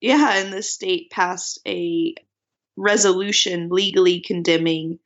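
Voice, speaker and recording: Gravelly-voiced woman on a dull remote line. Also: on the low side, slow pace. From Tennessee, USA. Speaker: startup founder, guest. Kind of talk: remote interview.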